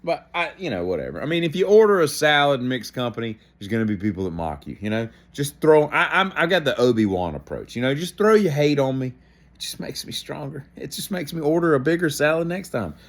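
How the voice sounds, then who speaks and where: A man's voice: on the high side, a little fast. A man, hosting a daily show, telling a rambling, self-deprecating story with dry asides. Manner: animated, self-deprecating, acts out gestures and inner thoughts.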